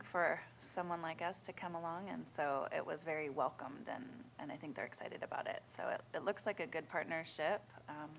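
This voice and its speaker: Low-voiced woman giving a committee report. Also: vocal fry, a little hiss or hum. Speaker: city commissioner. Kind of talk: committee report at a public meeting.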